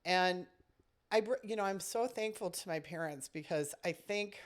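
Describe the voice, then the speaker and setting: Reflective woman, lowish voice. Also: normal speed. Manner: reflective storyteller, many "you know" fillers. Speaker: camp director and podcast host. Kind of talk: casual podcast chat.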